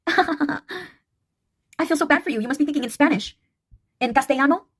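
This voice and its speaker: A woman's voice: high voice, moderate pace, a bit bright, dry recording, clean studio sound, pitched above the performer's own voice. A woman voicing a sugary, mock-polite young woman who speaks with sweet, fake-innocent condescension.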